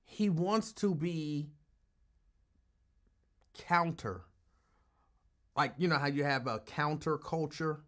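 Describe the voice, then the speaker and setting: A man's voice: on the high side, takes it slowly, long pauses, fairly bright tone. A man hosting a call-in talk show, giving casual commentary in an emphatic, argumentative way and repeating his points for effect.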